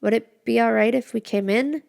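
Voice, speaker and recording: A woman's voice: fairly high pitch, normal speed, gravelly, a little mellow, pitched above the performer's own voice. A woman voicing a sweet, polite young woman who sounds a little nervous. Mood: hopeful. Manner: polite, hopeful.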